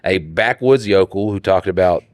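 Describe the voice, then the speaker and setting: A man with a drawl co-hosts a podcast, reading listener stories and joking crudely between lines. His voice sits low, and the close mic picks up no room at all. He talks in bursts and jumps way up in pitch when he mocks someone. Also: moderate pace, dry recording. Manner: animated, joking, breaks into laughter, jumps up in pitch for mock voices. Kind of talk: casual profane banter.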